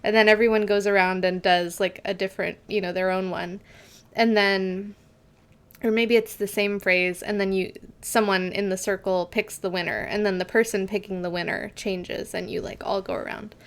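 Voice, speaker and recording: A woman's voice: medium pitch, fairly even intonation, moderate pace, clean tone. A woman streaming a game live, reading out in-game text and telling rambling stories full of fillers. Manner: rambling, filler-heavy storytelling. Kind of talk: casual live game commentary.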